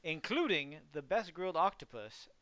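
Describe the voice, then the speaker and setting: A man's voice: on the high side, very animated, moderate pace, fairly bright tone, no room sound, dull audio, voice pushed up. A man voicing an obliging young woman who runs an inn, rattling off what she can serve. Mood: eager. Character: young female innkeeper, eager and obliging.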